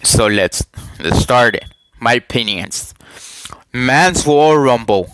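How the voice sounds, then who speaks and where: A man recording a casual vlog on a headset, talking in a halting way, repeating himself and asking viewers questions. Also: medium pitch, lively intonation, a bit bright, clean tone, rough recording. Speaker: YouTuber giving wrestling predictions.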